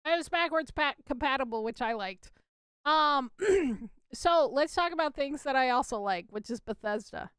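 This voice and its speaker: A woman's voice: sits high, lively intonation, moderate pace, a bit bright, no echo. A woman co-hosting a gaming podcast, chatting casually with lots of fillers and laughs. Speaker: podcast co-host. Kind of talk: casual chat.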